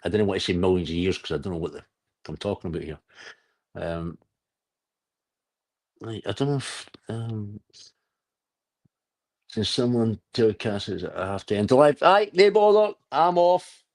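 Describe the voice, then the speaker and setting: A man's voice: fairly low pitch, lively intonation, normal speed, pauses often, darkish tone. A middle-aged man, hosting a casual livestream chat, rambling, swearing and laughing often. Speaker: livestream host.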